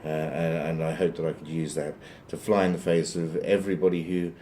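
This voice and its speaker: A man telling a long, rambling joke, wandering into dry asides along the way. His voice is deep and mellow, with a faint hiss behind it. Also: flat delivery, brisk. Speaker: joke teller. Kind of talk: rambling comic storytelling.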